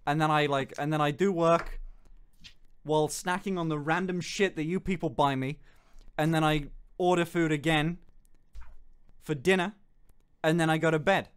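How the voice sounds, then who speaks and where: A young man streaming, chatting casually with quick jokes and frequent swearing. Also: on the high side, steady tone, smooth. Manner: fast, joking, swears often, laughs a lot. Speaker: streamer host.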